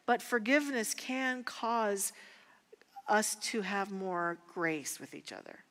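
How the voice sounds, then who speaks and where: A woman minister teaching a spiritual class, speaking in an earnest, personal and unhurried way. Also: mid-range voice, expressive, a bit bright, in a large hall. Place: church sanctuary.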